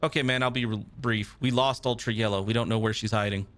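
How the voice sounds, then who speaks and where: A man's voice: lowish voice, fairly even intonation, fast, fairly bright tone, soft background music, close to an everyday voice. A man voicing a drunk, queasy young man in a pink superhero costume, talking in a slurred way.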